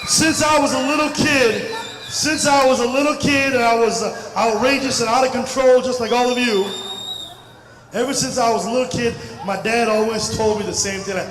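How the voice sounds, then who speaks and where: Loud, high-voiced comedian in an echoey hall. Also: male voice, a little fast. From India. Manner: loud, animated, playful crowd banter. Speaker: stand-up comedian. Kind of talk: stand-up comedy set. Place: large hall at a community festival. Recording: echoey hall mic from a distance, crowd noise. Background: audience murmur and laughter.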